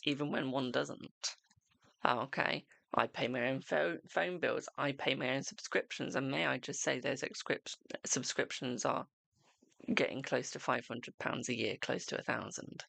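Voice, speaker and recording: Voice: medium pitch, vocal fry, fairly bright tone, no echo. A host giving live-streamed tarot readings in a chatty, reassuring way, calling viewers darling.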